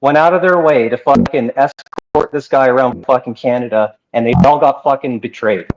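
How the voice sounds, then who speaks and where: A man's voice: mid-range voice, normal speed, lo-fi sound, background noise. A man ranting angrily and swearing hard, in a played clip. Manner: angry, profane ranting.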